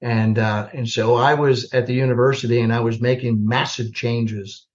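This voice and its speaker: A retired US Army general, an older man guesting on a podcast interview, tells stories with energy and self-deprecating humor, acting out both sides of old conversations. His voice is mid-range for a man at a moderate pace, and the audio is slightly muffled and lo-fi.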